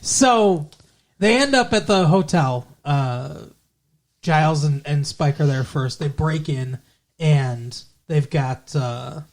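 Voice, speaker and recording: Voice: medium pitch, slow pace. A podcast co-host casually retelling a TV episode, rambling with lots of filler words. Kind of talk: casual recap chat.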